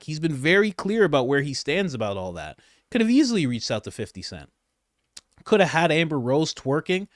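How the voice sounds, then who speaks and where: A man, a comedian, giving comedic political commentary in an animated, laughing, incredulous way. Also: high voice, no room sound, clean studio sound.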